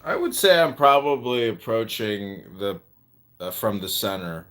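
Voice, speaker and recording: A man who is a comedian, answering panel questions slowly and hesitantly. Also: fairly low pitch, very animated, noisy background. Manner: slow, hesitant, thinking aloud. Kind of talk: casual chat.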